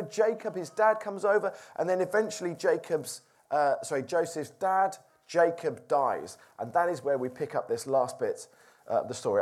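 A preacher teaching a Bible passage informally to a group, reading aloud and asking the audience questions in a conversational way. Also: medium pitch.

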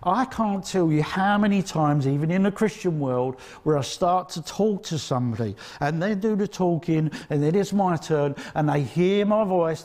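A man's voice: on the high side, a little mellow. A man with an Essex accent preaching a sermon in a conversational, emphatic way, often checking in with his listeners. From Essex, England.

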